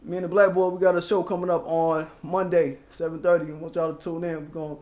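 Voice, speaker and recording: Profane, high-voiced man in an echoey room. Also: flat delivery, quick pace, darkish tone. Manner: loose, profane, rapping along to old lyrics. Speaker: channel host. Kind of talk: casual commentary monologue.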